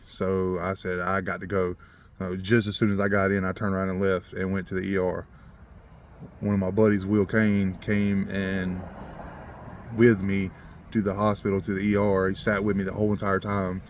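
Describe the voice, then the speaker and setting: Man with a lowish voice, earnest and rambling, chuckles a lot, warms up on faith; dry, close recording. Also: dry recording. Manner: grows more animated when talking about faith. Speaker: vlogger telling a personal story. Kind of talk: casual storytelling.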